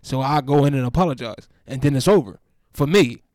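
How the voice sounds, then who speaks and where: Young man, mid pitch, rambling podcast talk, dry close sound. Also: fairly quick, no room sound. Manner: relaxed, rambling, restarts a lot. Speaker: podcast co-host. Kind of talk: casual podcast chat.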